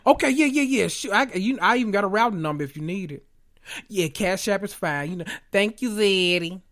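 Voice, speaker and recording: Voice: mid-range voice, lively intonation, a little fast, a bit bright. A podcaster acting out a flirty woman wheedling a man for gifts and money in a coy voice. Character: flirty gold-digging woman begging for gifts.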